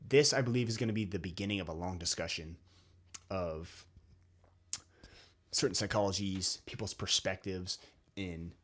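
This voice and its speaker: A man's voice: low-pitched, fairly bright tone, slightly rough. A young adult man giving an opinion monologue as a channel host, lecturing and checking in with "okay?" again and again. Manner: lecturing, repeats "okay?" often.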